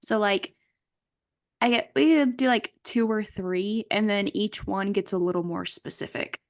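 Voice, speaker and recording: A young woman co-hosting a casual podcast at an ordinary pitch. She talks hesitantly, full of fillers and little giggles, and the sound is dry and close. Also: measured pace, no echo. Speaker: podcast co-host. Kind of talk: casual chat.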